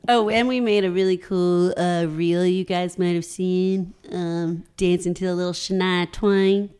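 A woman co-hosting a casual podcast, tossing in quick, playful quips and laughter. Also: lowish voice, steady tone, a little mellow, clean tone. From Richmond, Virginia, US. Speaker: podcast co-host.

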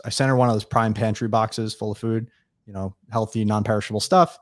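Man, low voice, rapid talk, animated storyteller, dry close sound. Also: dry recording. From New York State. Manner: fast, animated storyteller acting out dialogue. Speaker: interview guest. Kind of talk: storytelling in casual interview.

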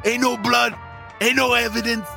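Vinny, a man playing a raspy mob lackey. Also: very high-pitched, level tone, moderate pace, voice pushed up, full character voice. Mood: bickering. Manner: crude, foul-mouthed, argumentative. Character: gruff raspy male mob lackey, blunt. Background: hip hop music.

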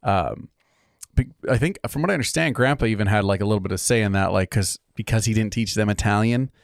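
A man's voice: on the low side, vocal fry, dry recording, studio quality. A man in casual podcast chat from California, telling stories with lots of laughter. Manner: animated storytelling, quick to laugh. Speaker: podcast co-host.

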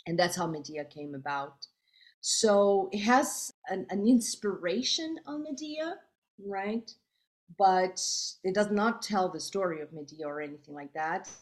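A woman's voice: mid-range voice, unhurried. A woman from Brazil, a theater creator, talking casually in an interview and searching for her words as she reflects. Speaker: guest, theater creator and performer.

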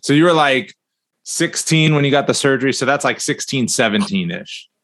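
Male host, relaxed interviewer, short affirmations, curious follow-ups, mid pitch. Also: normal speed. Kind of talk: casual interview.

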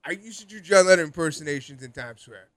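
Rambling through a casual podcast chat, this young male co-host leans heavily on "like" and laughs frequently. He speaks a little high, animated, and at a quick pace.

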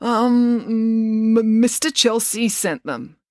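A woman's voice: lowish voice, animated, measured pace, breathy edge, no room sound, studio quality. Woman doing a stammering, anxious boy. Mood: hesitant.

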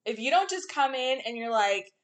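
Young woman podcast co-host, fairly high voice, blunt and animated, acts out quotes. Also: normal speed. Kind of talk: casual chat.

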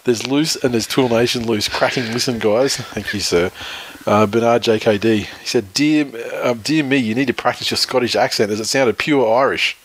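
A man's voice: mid-range voice, normal speed, husky, rough recording. An Australian man co-hosts a loose podcast chat and reads listener messages aloud. He swears freely, laughs often and lets his sentences trail off. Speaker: podcast co-host. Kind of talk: casual banter reading listener tweets.

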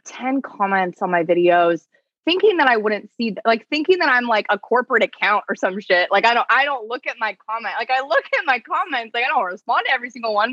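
A woman's voice: medium pitch, no room sound. A young adult woman talks through a story in casual podcast chat, slipping into quoted voices and stacking "like" between phrases. Her mid-range voice sits close on a dry mic that sounds a touch dull. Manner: animated storytelling, heavy use of "like", quoting people. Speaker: attorney and content creator, guest.

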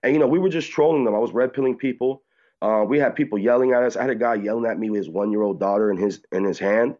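A man being interviewed, telling his story quickly in one long stretch and acting out what others said. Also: lo-fi sound. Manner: rapid storytelling, mimics people in high voices. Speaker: activist guest. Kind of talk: excited phone-in interview recounting.

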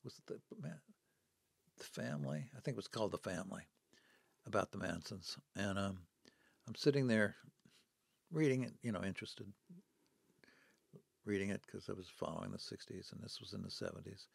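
A man's voice: on the low side, moderate pace, vocal fry, long pauses, breathy edge, dry recording, clean studio sound. A man in his seventies, a podcast guest, telling stories in conversation and acting out the people he quotes. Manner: dramatic storyteller who acts out the people he quotes. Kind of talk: storytelling in conversation.

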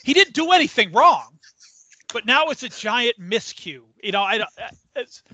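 High, bright middle-aged man. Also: very animated, moderate pace, slightly rough, no echo. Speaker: podcast co-host. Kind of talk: casual sports chat.

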